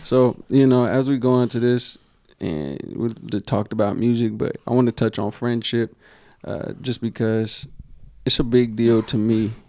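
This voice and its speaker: A man's voice: medium pitch, fairly even intonation, unhurried, few pauses, warm tone, dry recording, clean studio sound. A man co-hosting a podcast, talking in a casual, slangy way and opening up about family and friendship. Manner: laid-back, slangy, emotional when talking about family. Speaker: podcast co-host. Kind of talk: casual chat.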